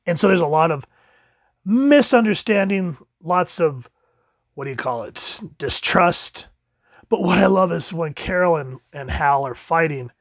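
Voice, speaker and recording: Host: male comic reviewer, chatty, higher voice, dry close sound. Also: no echo. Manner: chatty, acts out quotes with jumps in pitch. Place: home room with dogs.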